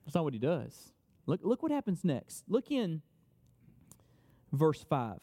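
A man with a high voice preaches a sermon, leaning hard on key phrases and saying them twice. His voice rings out with a long, lingering reverb, as if he stands in a large hall. He talks to the room as its pastor. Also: wildly swooping pitch, dark tone. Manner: emphatic, repeats key phrases, quick asides.

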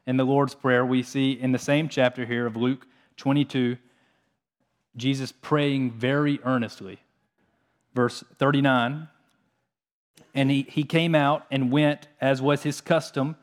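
A man preaching a sermon, reading scripture passages and explaining them in an earnest, steady way. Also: mid-range voice. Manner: earnest, reads scripture aloud between plain explanations.

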